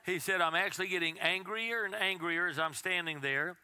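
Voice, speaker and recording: Bright-voiced pastor preaching a sermon. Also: male voice, sits high, fairly quick, clear, resonant tone, no echo. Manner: storytelling, conversational, drops to soft intensity.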